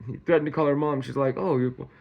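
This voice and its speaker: A man's voice: on the high side, level tone, quick pace, creaky, highs cut off. Sarcastic, laughing commentary man. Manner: laughs often, rambling and sarcastic; colloquial, says y'all. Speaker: true-crime commentary host. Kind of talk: casual commentary vlog.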